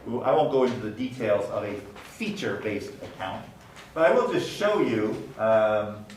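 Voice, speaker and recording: A man lecturing on phonetics, speaking deliberately and repeating example words to demonstrate sounds. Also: lowish voice, expressive, slight background noise. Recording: echoey room, mic at a distance, faint ambience.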